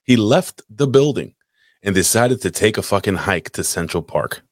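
A man's voice: on the low side, expressive, moderate pace, a little hiss or hum. A man hosting a live podcast, telling a long rambling story in casual, crude chat with lots of swearing. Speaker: podcast host. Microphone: desk mic, live stream.

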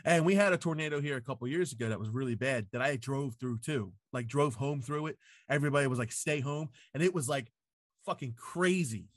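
A man's voice: medium pitch, fairly quick, no echo. Swearing man telling a story, dry close sound. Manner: profane storytelling full of "like" fillers. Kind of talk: casual chat. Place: home basement.

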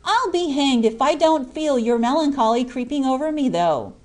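A woman reading an audiobook, voicing a cheerful, teasing young male miner in a lively, coaxing manner. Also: high voice, normal speed, pitched above the performer's own voice. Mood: jovial. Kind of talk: audiobook character voice.

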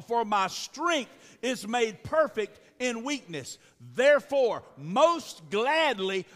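A man's voice: high voice, fairly bright tone. A man preaching a sermon as pastor, exhorting the congregation with repeated calls and responses. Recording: long reverb of a large hall.

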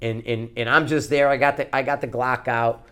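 A man from Connecticut co-hosts a podcast and spins a long, meandering anecdote. His voice sits at an ordinary middle pitch. He curses freely and circles back on himself as the story unfolds. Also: moderate pace, smooth. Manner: rambling, profane, animated anecdote-telling. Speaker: podcast co-host. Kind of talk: casual storytelling.

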